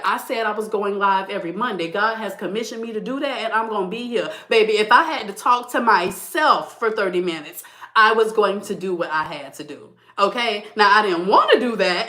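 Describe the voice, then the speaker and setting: A woman in her thirties hosting her weekly live stream, talking in a lively, preachy way to her viewers, calling them baby and y'all and laughing often. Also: medium pitch. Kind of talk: casual motivational live stream talk.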